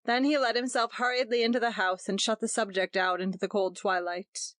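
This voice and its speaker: A woman giving a measured, even scripted narration of a story. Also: mid-range voice, no room sound, studio quality. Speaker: audiobook narrator.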